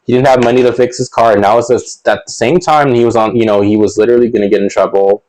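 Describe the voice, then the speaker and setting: A man's voice: mid-range voice, fairly even intonation, quick pace, a little mellow, low-quality recording. Rambling young man telling a storytime tale. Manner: rambling, many fillers and restarts; chuckles between sentences. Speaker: storytelling vlogger. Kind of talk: casual storytime monologue.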